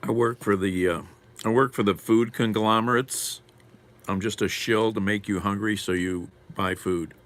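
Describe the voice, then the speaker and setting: A man's voice: lowish voice, fairly even intonation, moderate pace. A man live streaming while eating lunch, chatting casually and wryly answering comments from chat.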